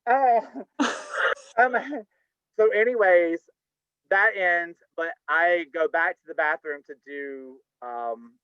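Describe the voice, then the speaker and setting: A campy, chatty older man spins a story and keeps tossing in "honey." His voice sits a little high. The video call audio is dull and dry, with no room sound. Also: slow pace, smooth, no room sound. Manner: campy, chatty, says "honey, okay?" often. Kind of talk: live storytelling.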